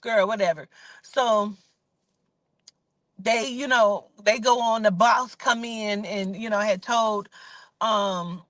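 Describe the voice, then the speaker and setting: A woman's voice: mid-range voice, slow pace, pauses often, fairly bright tone, no room sound. A woman telling stories in a casual, blunt and profane way, preaching a moral as a spiritual reader. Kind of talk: casual storytelling.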